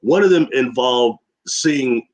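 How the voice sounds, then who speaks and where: A man with a voice of average pitch tells a long story as a guest on a radio talk show. He rambles and laughs often. He slips into the voices of the people he quotes. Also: slow pace.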